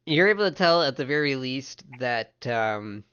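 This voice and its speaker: A man narrating a tabletop game as game master, halting with many restarts. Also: mid-range voice, lively intonation, bright, forceful tone, smooth, lo-fi sound.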